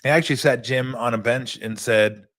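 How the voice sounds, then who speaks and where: Middle-aged male host, former player, casual and animated storyteller who stumbles over his words. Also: mid-range voice, normal speed.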